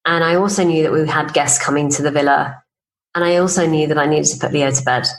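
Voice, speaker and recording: A woman's voice: low-pitched, steady tone, fast, low-quality recording. A woman business coach, a podcast guest, telling personal stories in casual conversation and acting out the dialogue she quotes. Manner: chatty, acts out quoted dialogue, laughs while telling stories.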